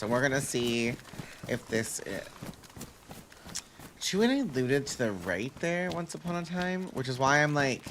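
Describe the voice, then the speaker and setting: A man's voice: mid-range voice, fairly bright tone. A man streaming a game live, chatting casually with viewers and thinking aloud as he plays, with the odd hum between sentences.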